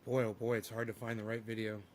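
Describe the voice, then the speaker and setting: A man's voice: lowish voice, little pitch movement, quick pace, a little hiss or hum. A man ranting profanely and combatively at his livestream chat. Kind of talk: casual livestream rant.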